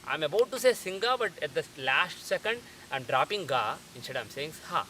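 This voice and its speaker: A man's voice: a little high, very animated, bright, forceful tone. Man explaining pronunciation, distant and hissy. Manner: methodical, repeats sounds slowly to demonstrate. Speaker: teacher. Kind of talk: explanatory lecture. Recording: distant mic with faint hiss.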